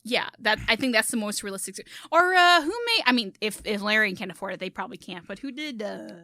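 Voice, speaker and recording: A woman YouTuber chatting casually on a gaming podcast, animated and quick to laugh. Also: medium pitch, no room sound.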